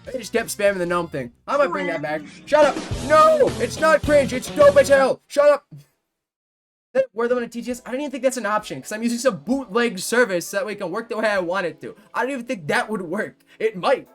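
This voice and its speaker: A man of about nineteen, a livestreamer chatting casually with his viewers, rambling and swearing, quick to fake outrage. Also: high voice, lively intonation, fairly bright tone, faint music behind.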